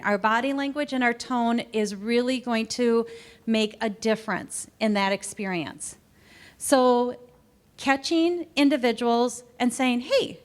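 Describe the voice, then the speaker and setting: A middle-aged woman giving a customer service training talk in a conversational, animated way, acting out quoted exchanges. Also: a little high. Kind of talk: training presentation. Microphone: recorded to camera.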